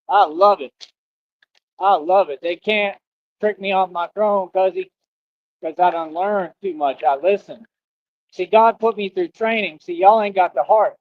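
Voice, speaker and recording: Male streamer, high-pitched swagger, casual slang-heavy monologue, muffled lo-fi audio. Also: dry recording. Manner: boastful, swaggering street slang.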